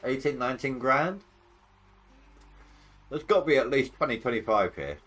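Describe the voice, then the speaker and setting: A man's voice: medium pitch, expressive, normal speed, a bit bright, faint music behind. A man streaming a video game live, chatting casually and joking as he thinks aloud about his progress. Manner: rambling, jokey, thinking aloud. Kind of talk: casual gameplay commentary.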